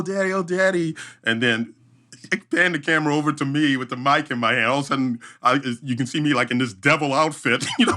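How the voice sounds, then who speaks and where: A man with a bright, forceful voice spins a lively story as a podcast guest. He acts out voices and sound effects as he goes, at a middling pitch. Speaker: obstacle race emcee, podcast guest. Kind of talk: animated storytelling in a podcast interview.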